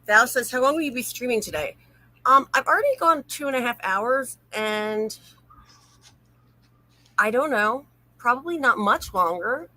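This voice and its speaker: A woman's voice: a little high, lively intonation, unhurried, pauses often, bright, forceful tone, no room sound, poor audio. A woman hosting a casual late-night livestream, reading viewer comments aloud and chatting, laughing easily. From North Carolina, USA. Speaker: livestream host.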